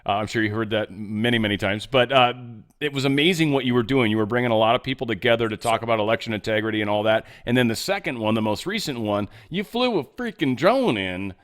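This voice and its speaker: Fast-talking male podcast host. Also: medium pitch, animated. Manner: loose, rambling questions full of fillers. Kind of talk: casual interview.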